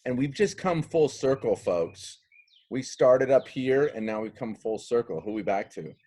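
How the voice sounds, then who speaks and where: A man's voice: medium pitch, a little slow. A male teacher walks students through a Latin text in a recorded lesson. His voice swings widely up and down, and he keeps the delivery playful and full of jokes. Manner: animated, playful, jokey.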